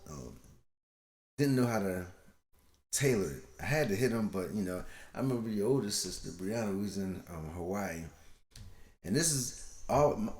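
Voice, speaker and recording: Middle-aged father, podcast co-host, animated storyteller, roomy sound. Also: on the low side. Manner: animated, laughing storyteller acting out voices. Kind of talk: casual storytelling chat.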